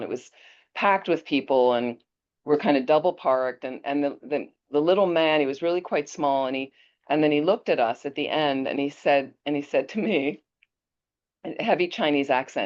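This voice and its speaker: Woman Buddhist teacher, deep voice, lively storyteller, muffled lo-fi audio. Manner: animated storyteller, chatty with restarts. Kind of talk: teaching talk with personal anecdote. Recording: dull lo-fi audio.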